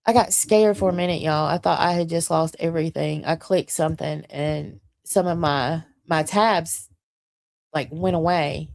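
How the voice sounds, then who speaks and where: A woman in her forties chats on a home livestream in a rambling, profane way, venting her frustration. Her voice sits a little low, and the sound is dry and close with hardly any room echo. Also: fairly even intonation, normal speed, creaky, a little mellow. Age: 40s. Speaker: livestream host. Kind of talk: casual livestream chat. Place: home computer desk with several monitors.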